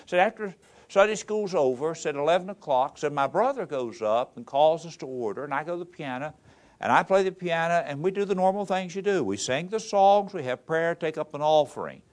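A man's voice: a little high, expressive, brisk, pitched above the performer's own voice, lightly acted. A man voicing a plainspoken, stubborn small-town church pianist, a woman with a matter-of-fact drawl.

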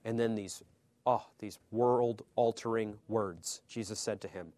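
A man teaching a sermon in a conversational way, swinging between emphatic, loud phrases and hushed, low asides, often checking in with his listeners. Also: fairly even intonation, measured pace, no room sound. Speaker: pastor or Bible teacher.

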